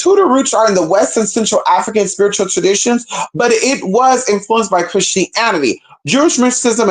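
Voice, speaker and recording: A woman talking in a casual vlog monologue, animated and profane, often acting out other people's voices as a herbalist and hoodoo practitioner. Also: mid-range voice, rough recording. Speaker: self-described certified herbalist and hoodoo practitioner.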